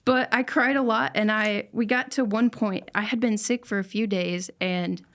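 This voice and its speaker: A woman's voice: medium pitch, steady tone, normal speed, fairly bright tone. A young woman on a podcast, telling an emotional personal story in an earnest, casual way and laughing now and then. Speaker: podcast guest.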